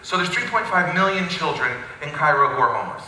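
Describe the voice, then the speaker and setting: A male pastor telling a story in a sermon, animated and with wry asides. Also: a little high, quick pace, a little hiss or hum. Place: church sanctuary. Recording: very echoey hall, from a distance.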